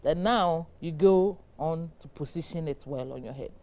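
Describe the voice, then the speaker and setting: A woman's voice: low voice, moderate pace, a little mellow, a little hiss or hum. A woman with a Ghanaian English accent, a talk show guest explaining headpieces and giggling her thanks. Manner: giggly, brief thankful replies. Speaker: guest, twin craft business owner.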